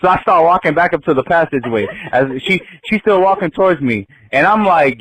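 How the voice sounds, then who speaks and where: Podcast guest, male, animated and profane, laughs through his story; dry, close mic. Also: fairly high pitch, brisk, hardly any pauses, breathy edge, dry recording, muffled recording. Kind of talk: casual storytelling.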